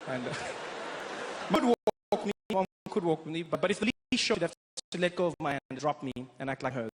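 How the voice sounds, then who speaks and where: A young man from South Africa doing a stand-up comedy routine, an animated storyteller who breaks into loud impressions. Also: fairly high pitch, fast talker, background noise.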